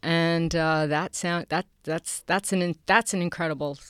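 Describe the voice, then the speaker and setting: A middle-aged actress from Queens with a New York accent, chatting in an interview with frequent laughs and halting restarts. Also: lowish voice, fairly even intonation, smooth, dry recording, studio quality. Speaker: actress guest. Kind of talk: casual interview chat.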